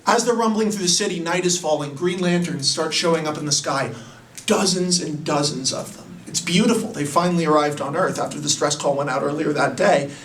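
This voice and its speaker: Excitable man pitching a story, echoey room. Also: brisk, distant mic, a little hiss or hum. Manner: excitable, chatty, laughs at his own ideas. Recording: roomy, away from the mic.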